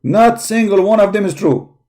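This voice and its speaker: Combative and tired-sounding, this male host of a live call-in debate stream mocks and insults opponents with emphatic repetition as he searches a website. His voice is high, dark, and expressive, moving at a moderate pace.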